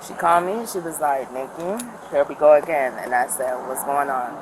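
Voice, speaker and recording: A woman's voice: low voice, fairly quick, crowd noise, low-quality recording. Woman retelling events animatedly outdoors. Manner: animated retelling, acting out quotes. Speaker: friend of the victim. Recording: body cam audio with street noise.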